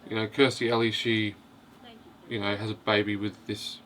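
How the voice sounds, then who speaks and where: A man's voice: on the low side, little pitch movement, moderate pace, a bit bright, a little hiss or hum. A man casually reviewing a film, hesitant and rambling, with constant "you know" fillers. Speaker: host of a film review video.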